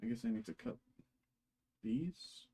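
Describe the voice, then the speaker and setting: A man's voice: medium pitch, big pitch swings, a little slow, vocal fry, mellow, husky. A man hosts a live card-opening break, chatting casually as he opens packs. His talk rambles, with constant fillers and restarts. He jokes at his own expense. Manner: self-deprecating, rambling with many fillers and restarts.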